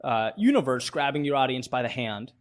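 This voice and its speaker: A man's voice: mid-range voice, expressive, fairly quick. Thoughtful man talking it through. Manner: thoughtful, with many fillers and restarts. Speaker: podcast guest. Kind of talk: casual interview talk.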